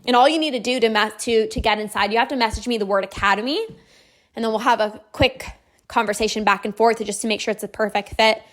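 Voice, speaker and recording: On her podcast, a woman who coaches people with binge eating pitches her program at a fast clip, upbeat and sprinkled with "like." She has a slightly higher-than-average female voice and sounds loose and convincing, not read from a script.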